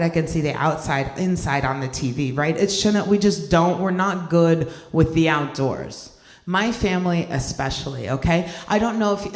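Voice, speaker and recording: A young adult stand-up comedian performing live, talking conversationally, poking fun at themself and checking in with the crowd. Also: mid-range voice. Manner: conversational, self-deprecating, keeps checking in with the crowd. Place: event hall stage. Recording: roomy hall reverb.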